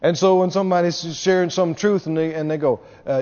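A man's voice: high-pitched, fairly quick, mellow, clean tone. A man preaching a sermon as a pastor, speaking emphatically, repeating key words and mimicking people with a laugh. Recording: dull reverberant hall recording.

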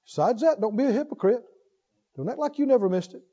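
A man preaching a sermon, emphatic, swinging from loud exhortation to hushed intensity. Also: very high-pitched, animated, fast, breathy edge. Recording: dull lo-fi sermon recording.

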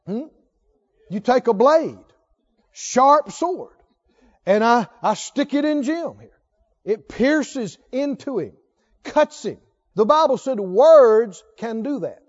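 Male pastor, high voice, animated sermon delivery with call-and-response, lo-fi church recording. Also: takes it slowly, long pauses.

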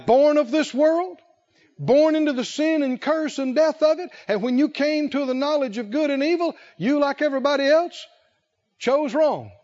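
A man preaching a sermon, emphatic and repetitive, who slows to stress key phrases and rises in fervor. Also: very high-pitched, darkish tone. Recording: dull lo-fi recording.

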